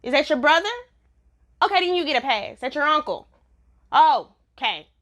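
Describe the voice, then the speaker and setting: High-voiced woman vlogging a show review, blunt and laughing a lot. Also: moderate pace. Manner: blunt, animated, laughs often. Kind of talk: casual review vlog.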